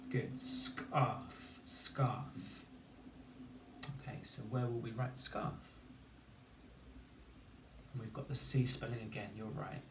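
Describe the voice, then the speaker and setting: A man leads a children's phonics lesson, sounding out each word sound by sound in a slow, deliberate way. He is heard from some distance, in a roomy space with a faint hum of ambience behind him. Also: medium pitch, fairly even intonation. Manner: slow, clear sounding-out of syllables. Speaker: teacher.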